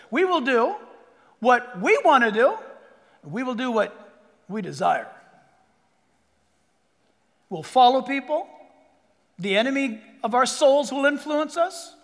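A man preaching a sermon to a church congregation, with a rather high voice. He is animated, acting out little voices and then dropping to a hush for emphasis. The sound rings with the long reverb of a big sanctuary. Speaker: pastor.

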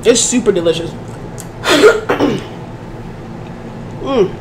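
A hoarse woman vlogger chatting casually to her viewers as she eats, often clearing her throat. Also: fairly high pitch, very animated, drawn-out words, heavy background noise. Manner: chatty, addresses audience as y'all, keeps clearing her throat. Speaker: mukbang vlogger. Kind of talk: casual eating chat to viewers.

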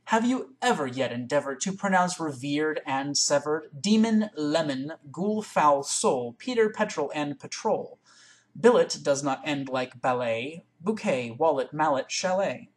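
A woman reading a poem aloud in one take into a webcam, with careful, deliberate, word-by-word recitation. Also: low voice, expressive. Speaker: reader.

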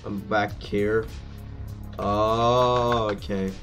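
A man's voice: on the low side, little pitch movement, very slow, fairly bright tone, soft background music. A man giving let's play commentary, jumpy and thinking aloud, swearing at the enemies as he plays. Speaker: gameplay commentator.

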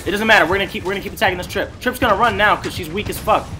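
A man streaming an online game, giving excited, profane play-by-play commentary and trash-talking the enemy team from his desk mic. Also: high voice, very fast, soft background music. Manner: trash-talking, profane, hyped, swings between mutters and shouts. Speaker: gameplay streamer. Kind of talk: excited live gameplay commentary. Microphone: desk mic at a gaming setup.

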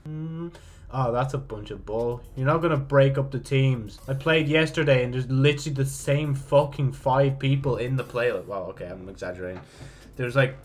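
A young man giving casual, swearing gameplay commentary, mocking himself and breaking into frustrated outbursts. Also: medium pitch. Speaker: gaming YouTuber.

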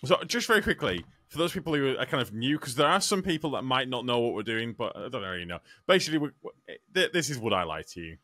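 A man's voice: medium pitch, very animated, fast talker, hardly any pauses, bright, forceful tone, dry recording. A man hosting a casual podcast, talking with stammering restarts.

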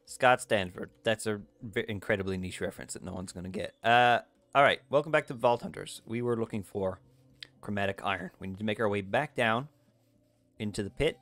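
A man's voice: lowish voice, a little fast, fairly bright tone, dry recording. Jokey man narrating his gameplay. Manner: jokey, self-deprecating, yelps at in-game surprises. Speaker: gaming video host. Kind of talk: let's play commentary.

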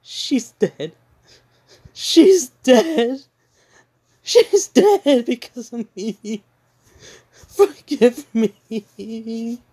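A man's voice: extremely high pitch, extremely slow, long pauses, warm tone, husky, voice pushed up, heavily acted. A man voicing a grief-stricken young man who is crying and apologizing. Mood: sobbing, guilty.

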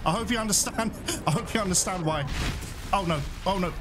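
A man commentating a video game he is playing, excitable, swearing and cheering at the action. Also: high voice, brisk, background noise. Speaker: gaming channel host. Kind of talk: let's play commentary.

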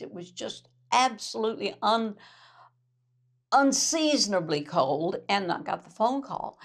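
A woman's voice: mid-range voice, vocal fry. An older woman preaching a sermon as a bishop, fervent and emphatic, repeating her phrases for weight. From Louisiana.

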